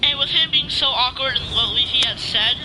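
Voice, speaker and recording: Over a noisy background hum, a man with a very high-pitched voice talks a little fast. He's a gaming YouTuber on a casual vlog rant, rambling through plenty of restarts and fillers with the occasional swear.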